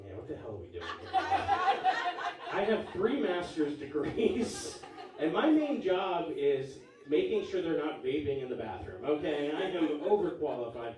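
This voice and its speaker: A man in his forties works a live comedy audience with punchy, profane punchlines. His voice sits slightly high and sounds far from the mic in a very echoey club. A crowd laughs clearly behind him. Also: very animated, a little slow. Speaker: stand-up comedian. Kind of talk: stand-up comedy set.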